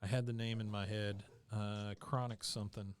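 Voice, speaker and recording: A man's voice: on the low side, flat delivery, normal speed, clean tone. A man co-hosting a podcast, casually retelling a cartoon episode scene by scene, laughing often. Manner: laughs often, narrates scenes with quoted lines. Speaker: podcast co-host. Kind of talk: casual chat recapping an episode.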